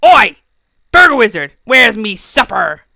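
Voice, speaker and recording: A woman's voice: medium pitch, expressive, measured pace, creaky, no echo, studio quality, full character voice. A woman reading a storybook and voicing a bossy, brutish male goblin king who bellows and bullies. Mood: bellowing. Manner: loud, bellowing, coarse and bullying.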